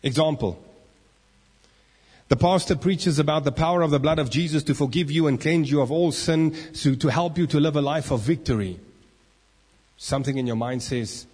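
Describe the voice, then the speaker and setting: A pastor animatedly preaches a sermon, acting out the inner voices of the people he describes, with the long reverb of a church hall around him. His voice is on the high side, with a moderate pace and a breathy edge.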